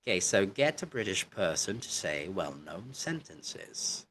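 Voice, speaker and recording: A man's voice: sits low, sing-song, measured pace, few pauses, a bit bright, slight background noise. A man teaching an online English lesson, chatty and encouraging, who keeps saying "okay" and "you know". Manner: encouraging, coaching tone.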